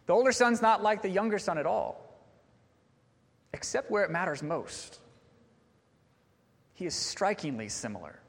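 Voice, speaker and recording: High-voiced preacher in a reverberant hall. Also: male voice, animated, normal speed, long pauses, slightly rough. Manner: earnest, rhetorical questioning. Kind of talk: sermon.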